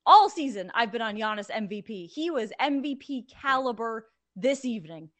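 A young woman from Connecticut with no regional accent, co-hosting a casual sports betting chat in an animated, opinionated way. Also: fairly high pitch, normal speed. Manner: animated, opinionated, chatty with fillers. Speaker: sports betting podcast co-host.

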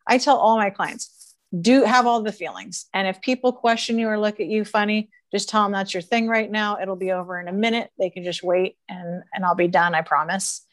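A woman's voice: mid-range voice, steady tone, brisk, dry recording. Emphatic woman coaching in a dry room. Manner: earnest, emphatic, laughs often. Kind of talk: casual podcast conversation.

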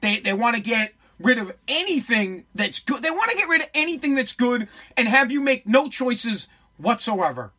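A woman's voice: fairly high pitch, sing-song, normal speed, sharp tone, breathy edge. A woman delivering a heated, profane political rant to camera, hammering her points with repeated rhetorical questions.

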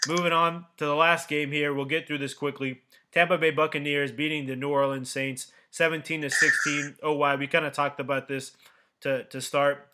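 A man hosting a casual sports podcast, talking through games in a relaxed, rambling way with restarts. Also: a little high, normal speed, background noise. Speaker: podcast host.

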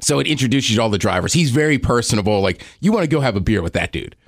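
A man's voice: medium pitch, very animated, racing, no echo, clean studio sound. A man co-hosting a podcast, eagerly explaining sports in a casual chat. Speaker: podcast co-host.

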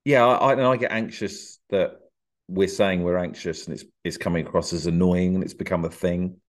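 Low-voiced shy Englishman, dry humour. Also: fairly even intonation, brisk. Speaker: podcast guest. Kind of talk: casual podcast interview.

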